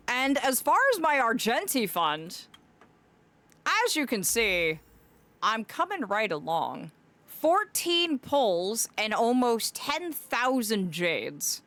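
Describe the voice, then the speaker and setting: A woman streaming a game, chatting casually in an animated, rambling and playful way. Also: mid-range voice, a little slow. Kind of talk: casual gameplay commentary.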